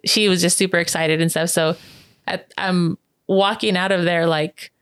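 Woman, casual storyteller, animated, plays the quoted voices, dry mic. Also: moderate pace, no room sound. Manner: animated, many fillers like "like" and "um"; acts out quoted voices with sharp pitch jumps. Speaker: interview guest.

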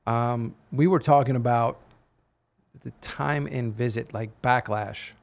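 A man co-hosts a casual podcast and talks like a motivational coach, leaning hard on his points. His voice has a gravelly, fry-tinged edge and sits at an ordinary middle pitch. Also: slow pace. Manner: emphatic, motivational. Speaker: podcast co-host. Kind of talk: casual chat.

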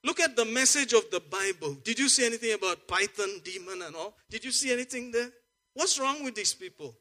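A man delivers a sermon in a high, bright voice. He jokes and muses quietly, then bursts into loud, rousing exclamations. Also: brisk. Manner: lively, jokey, swings from soft asides to loud exclamations. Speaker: pastor.

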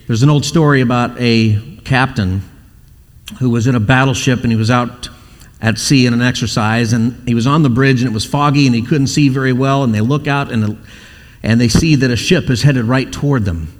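A man's voice: medium pitch, a little fast, long reverb tail. A male pastor preaching a sermon, telling stories and acting out the quoted voices in them.

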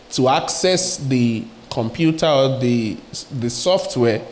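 A man preaching a sermon in a lively, conversational way, asking his listeners questions and acting out little everyday scenes. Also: on the high side, a little hiss or hum. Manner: acts out little scenes with quoted voices.

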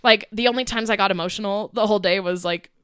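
A woman's voice: medium pitch, fast talker, a bit bright, clear, resonant tone, no echo, clean studio sound. A young woman co-hosting a podcast in casual chat, talking easily with lots of fillers and frequent laughter. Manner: chatty, laughs often, many "like" fillers. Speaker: podcast co-host.

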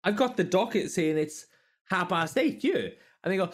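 A man, co-hosting a podcast and telling a story in animated, swearing, casual chat. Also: high-pitched, normal speed. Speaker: podcast co-host.

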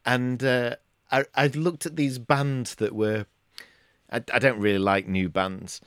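A man's voice: mid-range voice, fairly even intonation, measured pace, a bit bright, smooth, no echo. Rambling middle-aged man, dry sound. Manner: rambling, hesitant, full of restarts. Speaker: podcast co-host. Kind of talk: casual chat.

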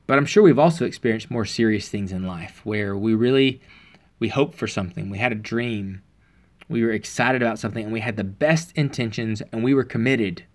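Man, preacher, conversational sermon, earnest, relaxed storytelling, frequent pauses and fillers. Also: fairly low pitch.

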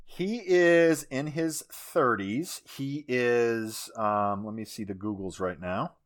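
A man co-hosting a casual podcast, ranting in an animated way and often restarting his sentences. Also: medium pitch, slow, dry recording, studio quality. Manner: animated, ranting, talks over himself with restarts. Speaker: podcast co-host. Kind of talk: casual chat.

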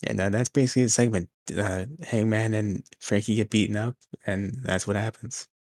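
A man's voice: on the low side, steady tone, normal speed, darkish tone, dry recording. A man recapping wrestling events in a casual chat, now and then acting out short silly voices. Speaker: podcast co-host.

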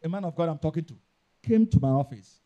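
A man with a Nigerian accent preaching a sermon, emphatic and repetitive, rising into loud bursts. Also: a little high, expressive, quick pace, lo-fi sound. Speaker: pastor.

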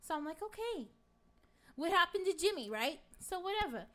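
A woman's voice: very high-pitched, big pitch swings, normal speed, sharp tone, full character voice. A woman playing a brash, crude middle-aged gossip in a comic sketch, rambling through a story with plenty of swearing. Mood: brash, gossipy. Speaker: guest.

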